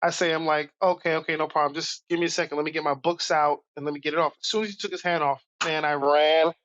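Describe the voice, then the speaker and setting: A man from Brooklyn, a podcast guest telling animated stories from his youth. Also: fairly high pitch, quick pace, muffled recording. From Brooklyn, New York. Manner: animated, acts out voices in stories. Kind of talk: casual storytelling.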